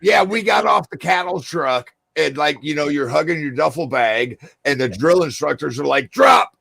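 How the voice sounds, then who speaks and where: A man's voice: on the high side, moderate pace, gravelly, fairly bright tone, dry recording. A middle-aged man chatting casually with fellow veterans, laid back as he sets a detail straight. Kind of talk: casual chat.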